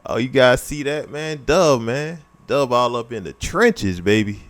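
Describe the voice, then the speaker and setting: A man's voice: medium pitch, animated, unhurried. A man hosting a reaction video, talking in loose, slangy casual commentary and filling with "man.". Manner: laid-back slangy talk, fills with "man". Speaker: reaction host.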